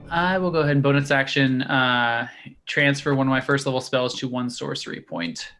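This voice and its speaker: A man's voice: medium pitch, fairly even intonation, normal speed, sharp tone, slight background noise. A man playing a tabletop game, talkative, thinking aloud about his turn with mild exclamations. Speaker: player.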